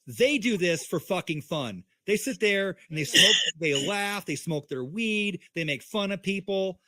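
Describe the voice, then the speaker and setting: A man's voice: high-pitched, lively intonation, unhurried, sharp tone, no echo. A man in a heated livestream chat on a video call, talking in an angry, emphatic, profane way. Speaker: co-host.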